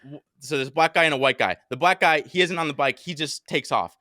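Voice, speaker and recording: Fast, bright-voiced young man telling a story. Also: on the high side, no echo, clean studio sound. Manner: animated, heavy swearing, acts out his own panicked shouts. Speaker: podcast host. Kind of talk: casual storytelling chat.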